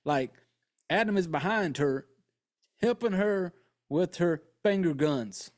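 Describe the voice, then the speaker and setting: A man's voice: high-pitched, expressive, slow, darkish tone. A man hosting a podcast, casually and profanely retelling a horror movie's plot with joking asides. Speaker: podcast host.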